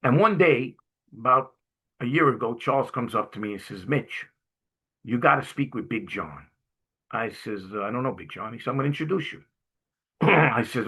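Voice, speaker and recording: A jovial middle-aged man from Brooklyn speaks to a class as a guest speaker. His voice is husky and bright. He tells his stories with animation and keeps clearing his throat between them. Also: mid-range voice, animated, normal speed. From Brooklyn, New York. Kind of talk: storytelling talk to a class.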